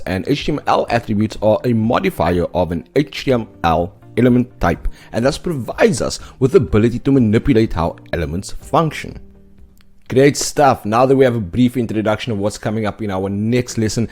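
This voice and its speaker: A man with a fairly low voice walks through a coding tutorial. He explains each step plainly and keeps checking in with a quick "okay?". He sounds like a teacher working through a lesson. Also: darkish tone, breathy edge. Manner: explanatory, often tags points with "okay?". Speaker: web development instructor. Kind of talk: scripted tutorial narration.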